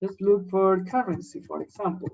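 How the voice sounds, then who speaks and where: A man teaching an English class online, explaining slowly and checking in with his students after nearly every sentence. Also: sits high, creaky, lo-fi sound. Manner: patient, repeats words and checks in with "yes?".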